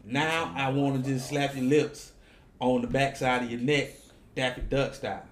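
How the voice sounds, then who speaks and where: A man's voice: mid-range voice, level tone, moderate pace. A man from South Georgia hosting a casual chat with friends, joking and slangy, and fighting a cold. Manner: laid-back, slangy, joking. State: has a cold. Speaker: podcast host. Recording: roomy room with background noise.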